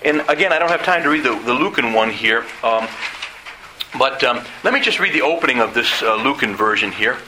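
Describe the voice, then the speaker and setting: A man's voice: medium pitch, expressive, brisk, noisy background. A man teaching a conversational Bible study. He asks his listeners rhetorical questions and acts out quoted voices.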